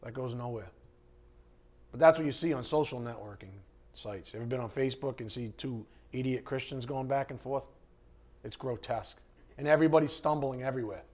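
Man, Bible teacher, conversational teaching, blunt, rhetorical questions, mid-pitched voice. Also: brisk, a little mellow.

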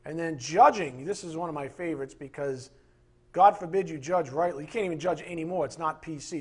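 A man's voice: on the high side, expressive, brisk, breathy edge. A man pastor preaching a sermon with emphatic, impassioned delivery, acting out quoted voices along the way.

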